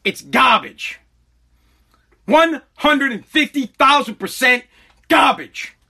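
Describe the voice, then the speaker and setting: A man's voice: very high voice, animated, slow pace, vocal fry, sharp tone, slightly rough. A man hosting a solo podcast, ranting in a profane, agitated way and stammering often. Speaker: podcast host.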